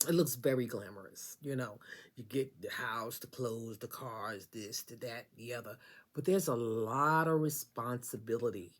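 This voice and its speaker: This tarot reader's voice sits extremely low, and she takes her time. Addressing the listener directly in a casual reading, she's sassy and emphatic, circling back to phrases for emphasis.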